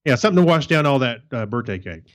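A man's voice: mid-range voice, big pitch swings, quick pace. A man co-hosting a podcast, chatting casually and making wisecracks. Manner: wisecracking, laughs often. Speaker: podcast co-host.

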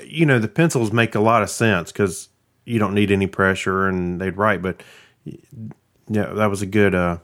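A man's voice: fairly low pitch, moderate pace, fairly bright tone. A man co-hosting a podcast in casual chat, easygoing and a bit hesitant. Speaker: podcast co-host.

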